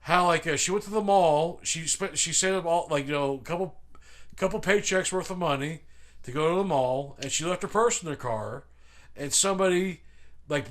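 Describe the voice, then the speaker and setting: A man's voice: fairly high pitch, fairly bright tone. A young man co-hosting a podcast, telling a story in a rambling, self-mocking way with lots of restarts. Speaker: podcast co-host. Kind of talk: casual storytelling.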